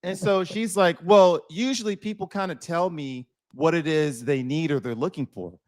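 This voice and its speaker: Guy on a podcast telling a story, kinda high voice, does all the voices. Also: normal speed. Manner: animated storyteller, acts out quoted dialogue. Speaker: podcast co-host. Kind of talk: casual storytelling chat.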